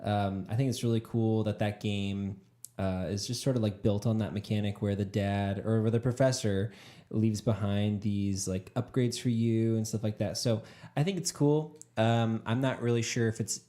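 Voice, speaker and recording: A man's voice: fairly low pitch, fairly even intonation, normal speed, mellow. A young man hosting a casual podcast chat, laughing often and talking around his point with many fillers. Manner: giggly, rambling, lots of fillers. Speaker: podcast host.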